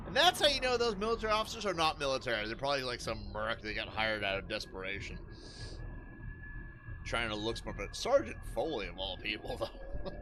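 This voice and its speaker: A young man hosting a let's play, ranting with profanity and mockery, often bursting into loud outbursts and laughter. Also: mid-range voice, big pitch swings, brisk, noisy background. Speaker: gaming channel host.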